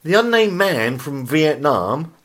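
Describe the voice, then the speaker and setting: A man reads bizarre headlines for his comedy podcast, his pitch bouncing all over the place. He trips over words, cuts in with asides and swears freely. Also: sing-song, normal speed, fairly bright tone. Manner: reads headlines aloud, breaks off to laugh and riff; stumbles over words and apologises. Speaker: podcast host. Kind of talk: comedic news reading.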